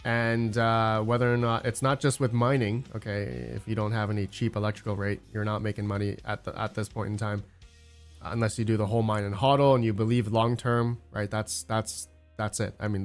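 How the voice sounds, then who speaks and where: A man casually chatting on a livestream about crypto mining, rambling and searching for words, with frequent fillers and answers to chat messages. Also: on the low side. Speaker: crypto mining channel host.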